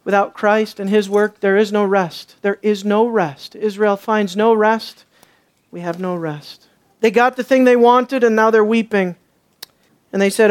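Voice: medium pitch, fairly even intonation, normal speed. Preacher mid-sermon: insistent, repeats points, questions the congregation. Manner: rhetorical questions and emphatic repetition.

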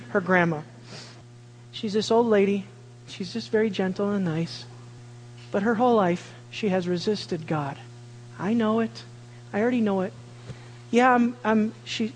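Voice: mid-range voice, long reverb tail, slight background noise, poor audio. A preacher giving a sermon, telling a family story and acting out the voices of the people in it.

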